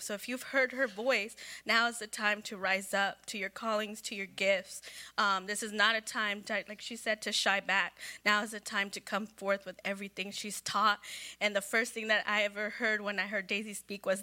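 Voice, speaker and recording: A woman's voice: medium pitch, bright, forceful tone. A woman giving an earnest church farewell and urging listeners to rise to their callings. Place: church sanctuary.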